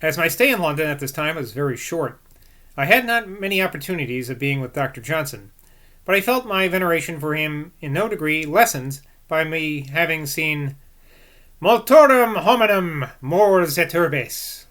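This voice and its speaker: A man's voice: a little high, expressive, moderate pace, sharp tone. A man reading aloud from a classic book and breaking off to muse and second-guess himself between passages. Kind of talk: reading aloud with casual asides.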